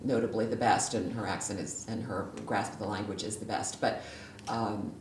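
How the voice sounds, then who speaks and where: Very low-voiced woman telling stories. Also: steady tone, moderate pace. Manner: chatty, storytelling, frequent restarts. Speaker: interview guest, former judge. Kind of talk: casual conversational interview. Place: library room. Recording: echoey room, distant mic, faint noise.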